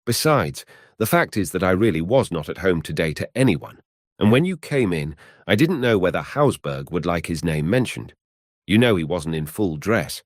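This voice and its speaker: A man's voice: low voice, very animated, moderate pace, dry recording, studio quality. A jovial, teasing painter, voiced by a man. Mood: amused. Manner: amused, hearty.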